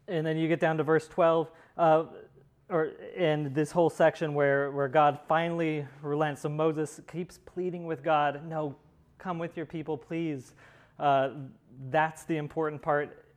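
A man teaching a Bible study class in a conversational way, with many pauses and restarts. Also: fairly high pitch, level tone.

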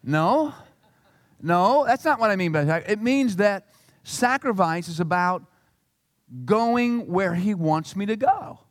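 A male pastor preaching a sermon in an animated, emphatic way. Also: high voice, slow pace, no echo, studio quality, in a large hall. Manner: animated and emphatic, acting out quotes.

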